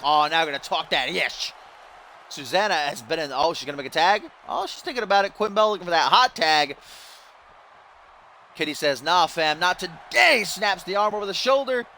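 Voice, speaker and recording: A young man calls a video game wrestling match in a high, bright voice that swings widely as he gets excited. He laughs and groans at the mistakes with exasperated energy. A faint hiss sits under the recording. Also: brisk. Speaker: gaming YouTuber. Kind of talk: play-by-play commentary over a wrestling video game.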